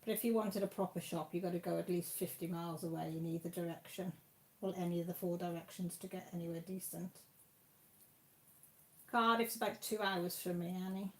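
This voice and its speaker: A woman's voice: on the low side, steady tone, a little fast. Chatty Welsh woman reading out live chat. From Wales. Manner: chatty and homely, with mild swearing and British slang. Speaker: live stream host. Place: at home.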